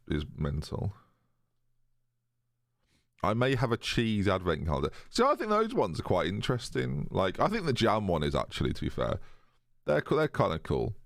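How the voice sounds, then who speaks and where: A young man chatting away to his stream viewers. His pitch swings up and down a lot as he jokes and riffs. The sound is dry and close, with no room echo. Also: gravelly. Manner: chatty, jokey, reads chat aloud. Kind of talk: casual live-stream chat with viewers.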